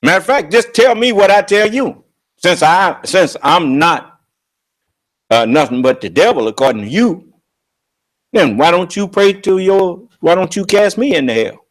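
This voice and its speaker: A man preaching on scripture with emphatic, confrontational delivery, slowing down to draw out quoted verses. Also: sits high, expressive. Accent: American. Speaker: religious leader and teacher.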